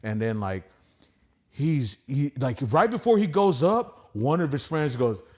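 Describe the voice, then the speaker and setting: A man's voice: on the high side, big pitch swings, a little slow, darkish tone. Profane rambling male comedian. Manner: profane, rambling, acts out quoted voices. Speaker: stand-up comedian guest. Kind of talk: casual podcast storytelling.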